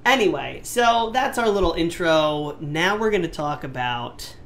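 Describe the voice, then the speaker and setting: A man's voice: fairly high pitch, animated, a little slow, fairly bright tone. A man co-hosting a casual gaming podcast, talking in a playful, teasing way and drawing words out for emphasis. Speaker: podcast co-host. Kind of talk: casual chat.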